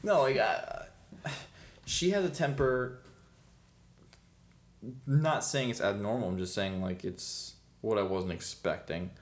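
A man's voice: lowish voice, slow pace, long pauses. A young man chatting casually as a podcast co-host, rambling with lots of fillers and frequent laughs. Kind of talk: casual chat.

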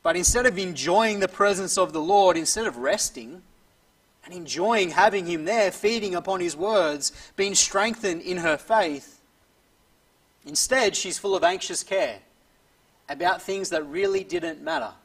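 A man preaching an earnest expository sermon, often dropping softly at the ends of phrases. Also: sits high, normal speed, husky, far from the mic, rough recording.

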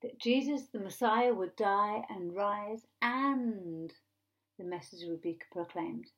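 A woman pastor gives a sermon in a relaxed, talky manner and retells the scripture as a lively story. Her voice sits at a middle pitch for a woman. She drops in asides and rhetorical questions along the way. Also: slow, lo-fi sound. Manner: conversational, animated storytelling.

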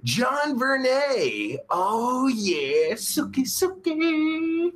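A man's voice: huge pitch swings, drawn-out words, a bit bright, heavily acted. A man playing a crude, boastful adult male pimp in an improvised live-chat comedy rant. He has a sore throat, and his talk is vulgar and rambling. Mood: sleazy. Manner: vulgar, rambling, swings pitch up and down. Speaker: live-stream comedy host in character.

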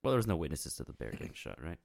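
A man co-hosting a podcast in casual chat, throwing in quick dry quips. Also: low voice, big pitch swings, vocal fry, a little mellow. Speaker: podcast co-host.

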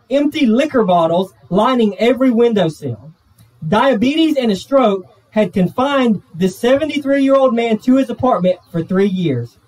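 A male pastor with a Southern US accent, telling a story in a sermon, earnest and slowing down, dropping low at the emotional moments. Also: a little mellow. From Georgia, US. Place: church sanctuary. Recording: voice from a distance off the pulpit mic.

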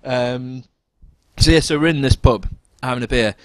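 Animated man telling a pub story. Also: medium pitch, normal speed, no room sound. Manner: animated, laughs through anecdotes, mimics voices. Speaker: podcast co-host. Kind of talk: casual storytelling chat.

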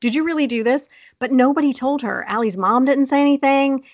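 A young woman casually telling a childhood story on a podcast, animated and laughing often. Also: high voice, a little fast, no echo, dull audio. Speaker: podcast co-host.

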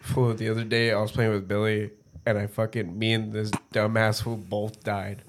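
A man's voice: fairly low pitch, little pitch movement, moderate pace, a little hiss or hum. Profane man telling gaming stories. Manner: swears constantly, acts out friends' voices in anecdotes. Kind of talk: casual chat among friends.

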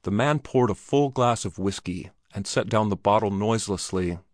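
A man reading an old Western short story aloud in a measured, descriptive way. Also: on the low side, no echo, clean studio sound. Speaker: narrator. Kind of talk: audiobook narration.

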